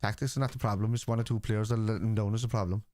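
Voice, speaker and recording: Speaking very fast in a fairly low, mellow voice with fairly even intonation, this man is answering viewers casually on a live football stream. He's blunt and argumentative, cursing freely, and the recording is dry and studio quality.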